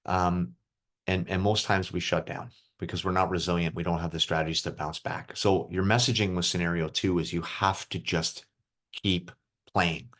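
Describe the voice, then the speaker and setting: A man's voice: low voice, fairly even intonation, normal speed, a bit bright. A man coaching a group of young hockey players over a video call, casual and encouraging, asking them questions. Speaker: youth hockey mental coach. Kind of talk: online group coaching session.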